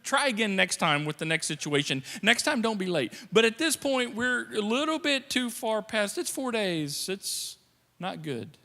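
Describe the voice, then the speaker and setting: A male pastor delivers a lively sermon, joking and swinging from hushed to loud. His voice is high and very bright. Long reverb from the sanctuary trails every phrase. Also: moderate pace, vocal fry. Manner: animated, joking, swings between soft and loud. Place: church sanctuary.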